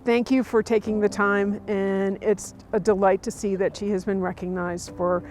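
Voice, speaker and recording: A woman mentor in a recorded video tribute, speaking in a heartfelt, gentle way. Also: mid-range voice, level tone, moderate pace.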